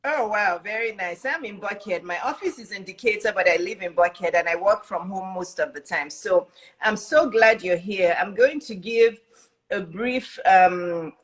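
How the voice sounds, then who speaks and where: A woman's voice: mid-range voice, moderate pace, rough recording. A woman hosting a live talk show from home, repeating her greetings and welcomes, with a cough drop in her mouth. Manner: warm and repetitive, greets and welcomes over and over. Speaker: host.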